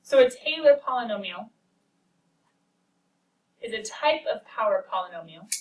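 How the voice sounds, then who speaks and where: A woman's voice: medium pitch, expressive, moderate pace. A woman teaching a math class, explaining step by step in a chatty way, recorded in a classroom. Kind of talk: classroom lecture with banter. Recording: roomy classroom audio from far off.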